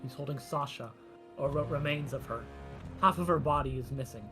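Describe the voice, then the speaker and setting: A man serving as game master, narrating a tabletop game dramatically with loud bursts. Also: mid-range voice, brisk, over music.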